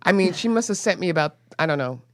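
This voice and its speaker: Lively woman talk show host. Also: on the low side, quick pace, no room sound, clean studio sound. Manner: laughing, lively banter. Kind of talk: casual chat.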